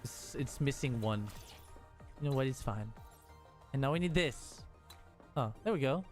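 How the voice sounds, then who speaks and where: A man's voice: medium pitch, a little slow, long pauses, faint music behind. A man streaming a game, talking casually to himself and the game, frustrated and joking as he builds. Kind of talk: casual gameplay commentary.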